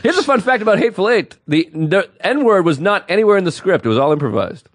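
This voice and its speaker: High-voiced man with dry teasing asides. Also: very animated, fast, dry recording. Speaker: podcast co-host. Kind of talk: casual chat, wry interjections.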